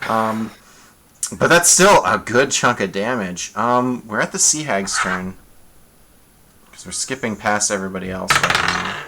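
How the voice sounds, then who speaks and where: A man running a tabletop horror game live as game master, animated and quick with apologetic asides. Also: lowish voice, creaky, noisy background.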